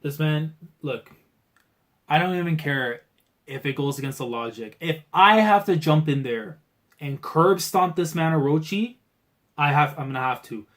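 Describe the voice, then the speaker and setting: A man hosting a live reaction to a comic chapter. He reads it aloud and talks in a casual, slangy way that swings from low muttering to loud outbursts. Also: measured pace. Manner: excitable, swings from muttering to shouting; casual slangy talk, keeps saying bro. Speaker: manga reaction channel host.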